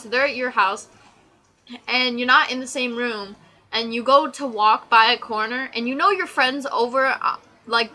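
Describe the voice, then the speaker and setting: Bright-voiced teenage girl ranting. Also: fairly high pitch, low-quality recording. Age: teens. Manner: chatty, exasperated, sarcastic. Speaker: vlogger. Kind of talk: casual ranting list.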